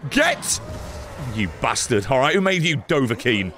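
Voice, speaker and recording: A man streaming a game, giving excitable live commentary, swearing, laughing and yelling at the screen. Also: mid-range voice, moderate pace, slight background noise. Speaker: gaming streamer.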